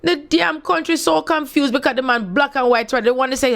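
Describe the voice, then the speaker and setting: A woman's voice: high voice, fairly even intonation, fast talker, gravelly, a bit bright. A Jamaican woman in her forties, talking in a loose, emphatic monologue full of rhetorical questions and repeated phrases. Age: 40s. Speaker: spiritual channel host. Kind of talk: casual monologue with read-aloud passages.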